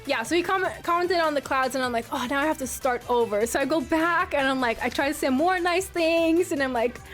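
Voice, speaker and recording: A woman's voice: high-pitched, a little fast, a bit bright, faint music behind. A young woman streamer telling a story casually to her chat, rambling and giggly with many restarts.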